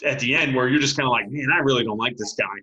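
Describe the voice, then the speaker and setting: Man, late forties, football coach, animated storyteller, clear bright tone, casual interview. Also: mid-range voice, rapid-fire, dull audio. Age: late 40s. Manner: animated storyteller, acts out quotes, laughs often. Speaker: high school football coach, guest.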